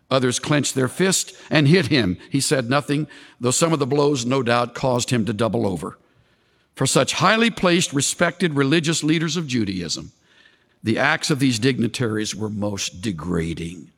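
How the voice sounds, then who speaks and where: A male preacher giving an expository sermon, animated, with dramatic swings of voice when he quotes. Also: long reverb tail. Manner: animated, dramatic shifts in pitch when quoting.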